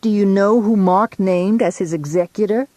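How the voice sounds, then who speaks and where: A woman reading an audiobook, voicing an eager, excited young male lawyer. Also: mid-range voice, dry recording, pitched above the performer's own voice, close to an everyday voice. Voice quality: eager and quick.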